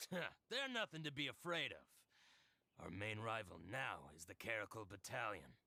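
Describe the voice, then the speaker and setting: Devoted cult follower, gravelly voice, bright edge, lively pitch, dry sound. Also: male voice, unhurried, no room sound, heavily acted. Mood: earnest.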